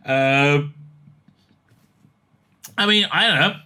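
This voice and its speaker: A man giving casual comic commentary on an interview, excitable and rambling, with many fillers and laughs. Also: on the high side, moderate pace.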